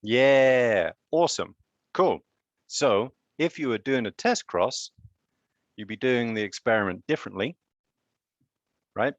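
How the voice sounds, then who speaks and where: A man's voice: on the low side, no echo, dull audio. A man lecturing on genetics in a live online class, chatty and quizzing students with joking asides.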